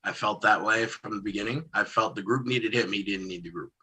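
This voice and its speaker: A man who is a pro wrestler answering an interview question in a calm, measured way. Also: fairly low pitch, breathy edge.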